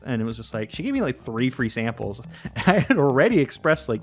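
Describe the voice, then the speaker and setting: A man's voice: mid-range voice, animated, fast. A man doing casual let's-play commentary, rambling and chatty and swearing casually as he plays.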